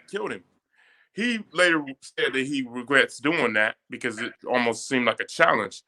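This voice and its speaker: Man, bright tense voice, emphatic storyteller who moralizes. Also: mid-range voice, expressive, moderate pace. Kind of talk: casual discussion.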